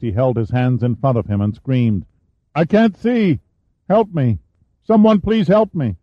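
A man narrates an audiobook in a steady, measured voice of middle pitch. The sound is dull and muffled at the top, and completely dry, with no room at all. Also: no echo. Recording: dull dry studio recording.

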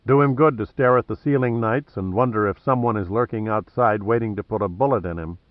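A man reading an audiobook plays a wry, cocky male adventurer who stays cool under threat, mocking and deliberate. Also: lowish voice, no room sound, narrow, tinny audio, close to an everyday voice.

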